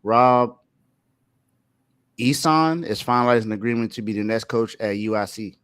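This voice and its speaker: A man with a middle-pitched voice reads college sports news on a podcast. The sound is dry and close, and he speaks in a casual way with short interjections. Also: fairly even intonation, moderate pace, fairly bright tone, smooth, no room sound. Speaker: podcast co-host.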